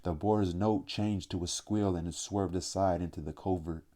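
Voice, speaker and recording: Male audiobook reader, low pitch, very dark mellow tone, steady and measured delivery. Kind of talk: audiobook narration.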